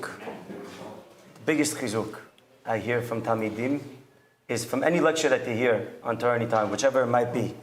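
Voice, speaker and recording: A male rabbi guest answering in a soft, heartfelt way. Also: mid-range voice, slight background noise. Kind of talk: interview answer.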